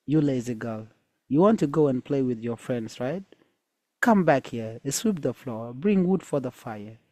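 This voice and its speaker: A man reading a folktale aloud who voices a cruel mother shouting orders at her daughter. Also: medium pitch, lively intonation, unhurried, dry recording, natural voice. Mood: harsh scolding. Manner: shouting, harsh. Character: harsh bossy mother scolding her daughter.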